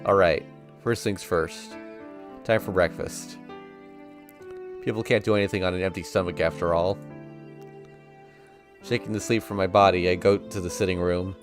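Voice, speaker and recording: A man's voice: low voice, fairly even intonation, moderate pace, long pauses, over music. A man reading a visual novel aloud on stream, narrating casually in the first person. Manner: casual first-person narration that voices sound effects playfully.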